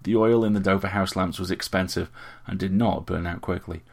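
A man narrating an audiobook story in a measured, even way. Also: low voice, creaky.

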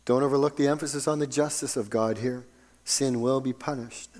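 A man preaching a sermon, calling his listeners loved ones and swinging between ringing emphasis and a hushed near-whisper. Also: mid-range voice, fairly even intonation, a little fast.

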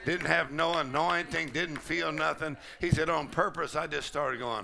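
A middle-aged man preaching a charismatic sermon, breaking into loud laughter and shouts. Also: a little high, moderate pace, gravelly, hardly any pauses. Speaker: pastor. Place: large conference hall.

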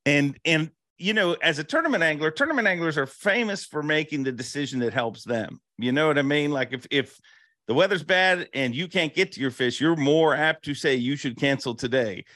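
Male interview host, dry close sound, relaxed conversational questions. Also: a little high, brisk, no echo. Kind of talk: casual interview chat.

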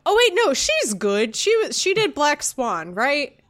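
A woman co-hosting a casual podcast chat, talking in an animated way and filling her speech with "like.". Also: high voice, a little slow. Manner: chatty, frequent "like" fillers, animated. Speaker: podcast co-host.

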